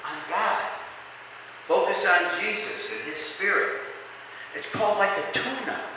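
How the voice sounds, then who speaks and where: Male preacher, high bright voice, emphatic, questions the congregation, far mic in a reverberant hall. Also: a little slow, a little hiss or hum. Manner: emphatic, swings between loud exclamations and quiet asides. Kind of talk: sermon. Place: church hall. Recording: echoey hall, distant mic.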